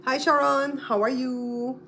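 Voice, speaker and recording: A woman's voice: high-pitched, little pitch movement, takes it slowly, a bit bright, slight background noise. A woman with a Belizean accent, hosting a casual livestream, chatting with viewers and repeating and spelling out names. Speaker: livestream host. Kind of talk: casual live-stream chat with viewers.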